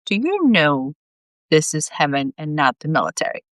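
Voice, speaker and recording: A woman's voice: low-pitched, big pitch swings, moderate pace, dry recording, clean studio sound. A woman voicing a joking male saint with a raised, incredulous voice, read aloud from her story. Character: wisecracking male saint, quippy gatekeeper.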